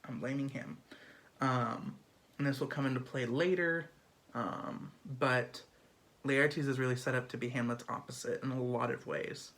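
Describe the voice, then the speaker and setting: A man talks through a play summary in a loose, chatty way, dotted with fillers and quick acted-out asides. His voice sits at an ordinary middle pitch. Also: steady tone, a bit bright. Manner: chatty, filler-heavy, lots of "um" and "like". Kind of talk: casual literature summary.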